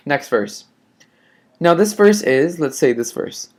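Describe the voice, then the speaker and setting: A man teaching a classroom lesson, patient and careful, repeating words slowly and checking in often with short questions. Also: fairly high pitch, animated.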